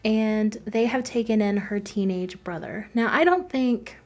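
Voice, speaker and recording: A woman's voice: fairly high pitch, a little slow. A woman talking casually over her own game-building footage, chatty and self-deprecating, laughing often between thoughts. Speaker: game build video creator.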